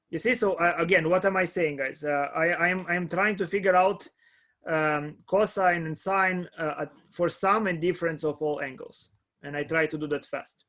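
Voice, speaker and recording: A man giving a live calculus lecture to a class, pausing often, repeating words and checking that students follow. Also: on the high side, a bit bright. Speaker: math lecturer.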